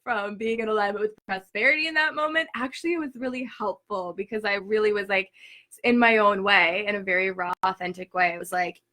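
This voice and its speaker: Brief: young woman host, bright clear tone, chatty and animated, filler-heavy live-stream storytelling. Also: medium pitch, a little fast. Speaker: spiritual teacher hosting a workshop. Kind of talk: casual storytelling talk. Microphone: live stream, reads viewer comments.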